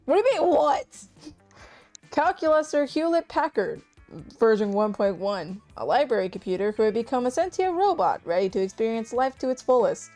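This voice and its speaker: A woman's voice: a little high, big pitch swings, moderate pace, a little mellow, soft background music. A woman streamer reading game narration aloud to friends, playful with giggly asides.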